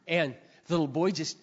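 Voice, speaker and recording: A man preaching a sermon, telling stories with big swings between quiet and shouted passages. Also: on the high side, husky. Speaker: pastor. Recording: dull sound with long hall reverb.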